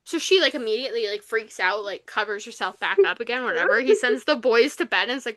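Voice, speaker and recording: Bright high-voiced young woman, chatty. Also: fast, hardly any pauses, no room sound. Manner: animated retelling with frequent fillers. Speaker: podcast co-host. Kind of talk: casual book review chat.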